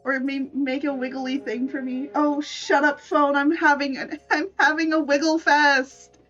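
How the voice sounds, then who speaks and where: Giggly high-voiced woman streamer. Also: flat delivery, a bit bright, lo-fi sound, soft background music. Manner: giggly, halting, many restarts. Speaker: artist streamer. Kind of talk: live-stream chat while making art.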